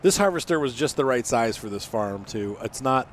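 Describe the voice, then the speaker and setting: A man's voice: mid-range voice, lively intonation, moderate pace, slight background noise. A man hosting a farming game let's-play, talking casually and rambling as he plays, with some teasing banter. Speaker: gaming channel host.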